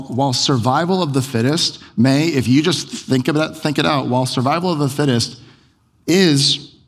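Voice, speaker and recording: A man's voice: medium pitch, in a large hall. A man preaching a sermon in a conversational way, firing off a chain of rhetorical questions. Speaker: pastor.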